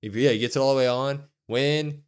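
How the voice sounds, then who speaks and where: A man co-hosting a podcast, excitedly retelling a show and acting out the quotes. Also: mid-range voice, a little fast, clean tone. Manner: animated storytelling, acts out quotes with loud whoops. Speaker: wrestling podcast co-host. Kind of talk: excited casual recap.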